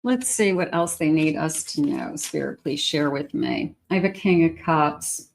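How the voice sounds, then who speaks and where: A woman's voice: low-pitched, expressive, unhurried, vocal fry. A woman reading tarot cards for her viewers in a casual, chatty way, often repeating herself and laughing lightly. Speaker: tarot reader.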